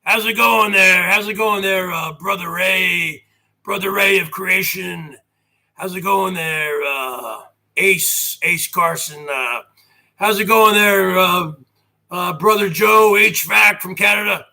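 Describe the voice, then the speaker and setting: A man's voice: sits high, takes it slowly, vocal fry, voice pushed down, exaggerated voice. A man mimicking another man who talks plainly, with no accent, and repeats the same greeting over and over. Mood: mocking. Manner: flat and repetitive.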